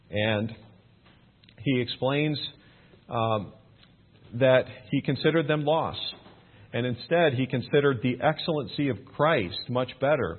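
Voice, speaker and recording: A man's voice: mid-range voice, slightly rough. A man preaching a plain, conversational sermon as pastor, building to emphatic points. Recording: thin phone-like sound.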